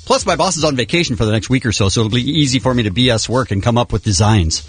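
A man hosting a morning radio show, reading listener emails aloud in a dry, deadpan way. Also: mid-range voice, quick pace, slightly rough, dry recording, faint music behind. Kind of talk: casual morning radio banter.

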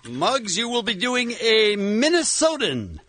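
Playful high-voiced radio host. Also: male voice, wildly swooping pitch, takes it slowly, fairly bright tone, a little hiss or hum. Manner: playful, runs the bit. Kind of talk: radio bit hosting.

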